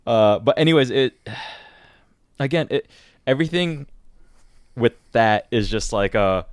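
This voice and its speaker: A man co-hosting a casual podcast, talking in a rambling, halting way and now and then dropping into a quick character impression. His voice sits at an ordinary middle pitch. It is recorded close and dry, with no room sound. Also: lively intonation, no room sound. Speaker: podcast co-host. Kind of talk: casual chat.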